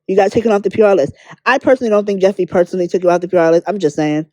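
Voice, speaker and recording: Woman, casual vlog commentary, blunt and candid, swears freely, warm dark tone, dry sound. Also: mid-range voice, steady tone, rapid-fire, no room sound. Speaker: beauty drama commentator.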